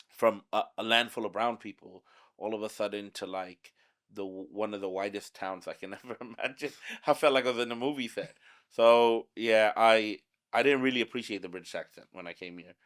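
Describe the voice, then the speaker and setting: A man with an American accent, a native Bangla speaker, telling stories in relaxed podcast chat with plenty of fillers. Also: on the low side. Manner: relaxed storytelling, many fillers. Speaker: podcast host. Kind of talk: casual chat.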